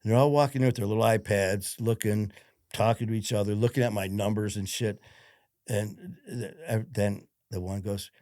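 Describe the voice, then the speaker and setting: A man with a lowish voice tells his story as a podcast guest. He is blunt and swears freely, slipping into the voices of the people he quotes. The recording is close and dry, with no room sound. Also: steady tone, normal speed, darkish tone, no echo. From Detroit, USA. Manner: blunt, profane, retells events with quoted dialogue. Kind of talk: casual interview storytelling.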